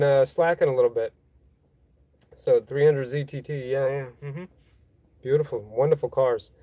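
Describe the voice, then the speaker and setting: Guy rambling on a phone livestream, reading comments, kinda high voice, dry close sound. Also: warm tone, no echo. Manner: rambling, self-deprecating, chuckles often. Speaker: vlogger hosting a livestream. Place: boatyard. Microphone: phone held in hand.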